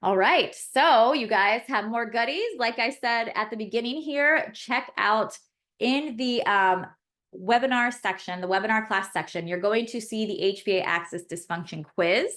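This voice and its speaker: A woman's voice: a little high, normal speed, a bit bright. A woman pharmacist hosting a live webinar class, chatty and effusive as she reads the chat and answers questions aloud.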